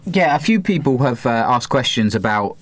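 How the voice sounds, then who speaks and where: A man's voice: mid-range voice, big pitch swings, moderate pace, slight background noise. A man with a non-regional southern English accent, hosting a podcast in casual chat, thinking aloud and laughing easily. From Cambridge, England. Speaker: podcast host.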